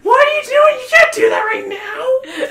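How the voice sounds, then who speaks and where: Shrieking scolding young girl as a man puts her on, very high, loud, roomy echo. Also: expressive, normal speed, crowd noise. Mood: angry shrill. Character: shrill angry young girl.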